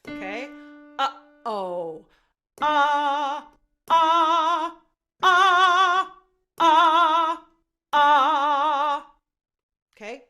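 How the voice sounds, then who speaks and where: A woman's voice: medium pitch, bright, forceful tone. A woman voice teacher leading a group singing lesson, explaining technique and often checking in with "okay?". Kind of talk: singing lesson with sung demonstrations.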